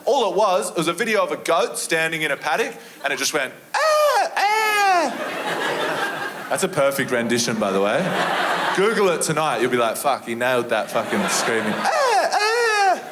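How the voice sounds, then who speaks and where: A man's voice: medium pitch, very animated, fairly quick, heavy background noise. An Australian man of about thirty telling a rambling story in a stand-up set. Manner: laid-back, rambling storytelling. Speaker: stand-up comedian. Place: comedy club stage.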